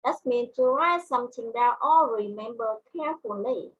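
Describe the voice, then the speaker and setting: A woman with a Vietnamese accent teaching an English vocabulary lesson, speaking deliberately and repeating words for her students. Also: a little high, a bit bright, slightly rough, muffled recording. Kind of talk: classroom lesson.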